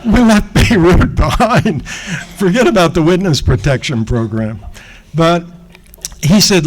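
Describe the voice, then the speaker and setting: A man in his sixties, a guest speaker giving a lecture and telling an animated anecdote, acting out the people in it. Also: on the high side, a little slow, low-quality recording. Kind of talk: storytelling lecture.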